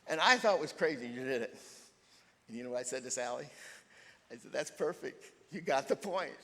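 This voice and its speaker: An older male pastor preaches a sermon with an animated storytelling delivery, his voice leaping up for emphasis. His middle-pitched voice carries a long reverb tail from the church sanctuary. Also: brisk, pauses often.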